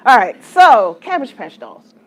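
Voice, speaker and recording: A woman's voice: fairly high pitch, very animated, a little slow. A woman in her forties leading a church study group, telling stories with self-mocking humor and frequent laughter. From Texas, USA. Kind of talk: storytelling talk to a group.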